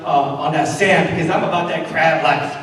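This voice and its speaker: A man's voice: a little high, fairly even intonation, moderate pace, fairly bright tone, lightly acted. A man voicing a group of brash crabs fighting to escape a tank, taunting each other in street slang. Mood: boastful. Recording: echoey hall from far off.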